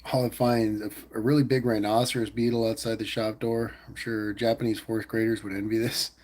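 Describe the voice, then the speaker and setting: A man's voice: fairly low pitch, level tone, fairly quick, a little mellow. A man hosting a casual livestream, reading viewer comments aloud and answering in a laid-back, rambling way. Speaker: livestream host reading chat.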